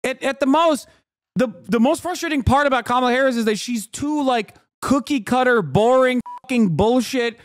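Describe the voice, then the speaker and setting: A male streamer in his thirties rants in incredulous, profane frustration, now and then breaking into a shout. His voice sits very high for a man. The sound is dry and close to the mic. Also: moderate pace, no room sound. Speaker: streamer reacting to a video. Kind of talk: angry ranting commentary.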